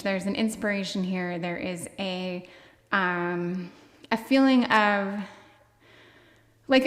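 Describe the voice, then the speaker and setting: A woman's voice: mid-range voice, fairly bright tone, long reverb tail. A woman giving a casual tarot card reading to viewers, rambling and searching for words with lots of fillers. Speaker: tarot reader.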